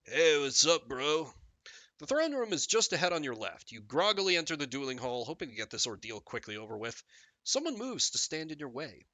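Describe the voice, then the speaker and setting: On a dry recording, a man with a fairly high pitch talks briskly while streaming a text game. He's animated and jokey, reading the game text aloud and riffing on it.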